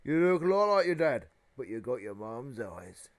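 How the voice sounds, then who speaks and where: A man voicing a huge, shaggy male giant who talks bluntly and homely, half gruff and half kind. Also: medium pitch, very animated, normal speed, close to an everyday voice. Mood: fond.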